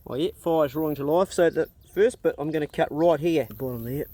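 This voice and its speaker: This is casual rural vlog narration from a middle-aged man from New Zealand, who speaks with a New Zealand accent and shoots his outdoor farm chores on a handheld phone. He's relaxed, talkative, blunt and full of jokes. His pitch is fairly high, his pace brisk, his tone warm, and the audio is dry.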